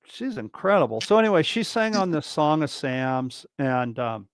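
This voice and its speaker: This guest drummer has a slightly high, clean-toned voice at a moderate pace, recorded dry through a video call livestream mic. Rambling through stories in a relaxed interview, he restarts often, uses lots of fillers, and animatedly voices other people's lines louder.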